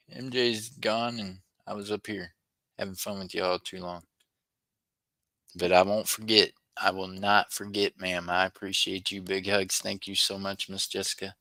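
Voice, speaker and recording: A chatty man hosts a coin-roll livestream, his low voice bright and forward. He talks to viewers by name and gets excited over small finds. The sound is close and dry, with no room around it. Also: no echo. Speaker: livestream host searching coin rolls. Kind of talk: casual livestream chat with viewers.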